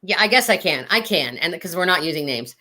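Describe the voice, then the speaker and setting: A woman's voice: lowish voice, lively intonation, pushed and bright. A woman guest chatting casually, telling a long story with many fillers and restarts, laughing as she goes. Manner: rambling, halting with fillers, laughing through stories. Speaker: guest, standardized patient actor.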